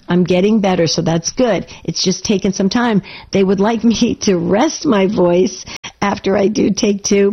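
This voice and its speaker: A woman hosting a live call-in radio show, her voice raspy as she recovers, chatty and urging listeners to phone in. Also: mid-range voice, dull audio.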